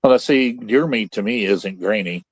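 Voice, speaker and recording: A man's voice: fairly low pitch, moderate pace, slightly rough, no echo. An older man from central Illinois hosting a podcast over a video call, telling rambling folksy stories full of restarts. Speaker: podcast host. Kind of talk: casual chat. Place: home trailer. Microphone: Starlink video call.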